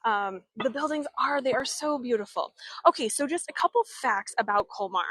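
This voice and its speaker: A young woman guiding a live walking tour outdoors, talking into a handheld phone, chatty and halting, with many fillers and restarts. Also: on the high side, animated, fairly bright tone, breathy edge, no echo. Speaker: travel vlogger and tour guide. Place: outdoors in an old town street.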